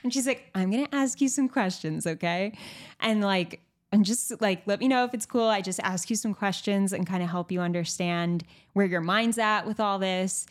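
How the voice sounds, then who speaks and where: A woman's voice: medium pitch, moderate pace. A young woman hosting a podcast, chatting candidly and frankly, with lots of fillers and some swearing. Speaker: podcast host. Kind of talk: candid casual chat.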